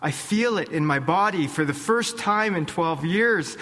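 An earnest, grateful woman beggar, as a male preacher puts her on. She is pitched a little high and unhurried, with a long echo behind her. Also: animated, fairly bright tone.

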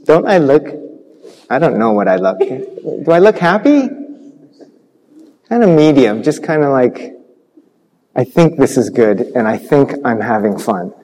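A pastor telling a Bible story to children in church, animated, acting out sound effects. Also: male voice, mid-range voice, measured pace, long pauses, slight background noise. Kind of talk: children's sermon. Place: church sanctuary. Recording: long church reverb.

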